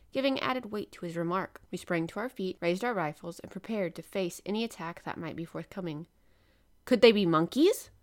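A woman hosting a podcast, reading a classic novel aloud in a lively way and giving the dialogue voices. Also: mid-range voice. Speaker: podcast host and reader.

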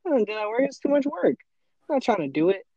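A man's voice: extremely high pitch, big pitch swings, fast talker, muffled recording, crowd noise. A teenage boy in casual chat, earnest and motivational, often acting out his own inner voice. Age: teens. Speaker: podcast co-host.

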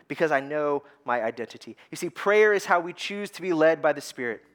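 Animated man preaching a sermon. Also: on the high side, a little fast, hardly any pauses. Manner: animated storytelling, repeats words when starting sentences. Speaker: pastor.

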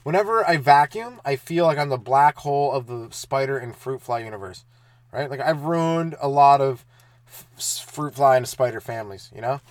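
A young man hosting a solo stand-up comedy podcast, talking in a loose, rambling, profane way with quick asides. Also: medium pitch, no room sound.

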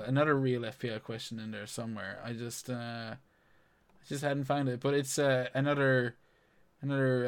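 A man's voice: medium pitch, a bit bright, clean tone, dry recording. Teasing man hosting a quiz chat. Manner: teasing, jokey, scoring like a quiz. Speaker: podcast host. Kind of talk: casual chat.

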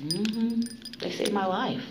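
A woman giving candid spoken testimony at a recovery meeting, blunt and profane, telling her story with animated delivery. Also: mid-range voice, takes it slowly. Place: meeting room. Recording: echoey room, faint noise.

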